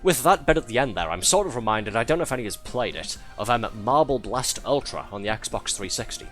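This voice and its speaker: A man's voice: mid-range voice, expressive, brisk, a bit bright, faint music behind. A man giving live gameplay commentary as a streamer, wry and sarcastic, laughing often at his own game.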